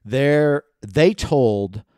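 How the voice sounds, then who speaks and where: Animated, playful male podcast host. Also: mid-range voice, clean tone, no echo, studio quality. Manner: animated, playful, quick to riff and tease. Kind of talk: casual chat.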